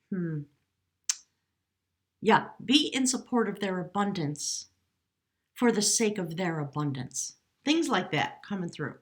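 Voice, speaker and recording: A woman giving a spontaneous tarot reading, speaking gently and emotionally, now and then addressing her spirit guides. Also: medium pitch. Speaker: tarot reader.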